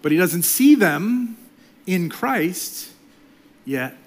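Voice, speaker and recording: A middle-aged male pastor preaching a sermon, swinging between loud emphasis and soft, near-whispered passages. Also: sits high, very animated, extremely slow.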